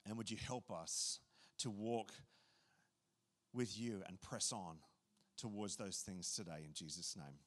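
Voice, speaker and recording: A male pastor preaching a sermon in a lively, casual, joking way, often repeating his phrases. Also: fairly low pitch, a little slow, pauses often.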